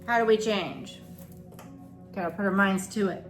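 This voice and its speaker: A woman's voice: medium pitch, steady tone, unhurried, pauses often. A middle-aged woman doing a casual tarot reading, talking frankly and swearing as she thinks aloud. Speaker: tarot reader. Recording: roomy echo with soft music behind.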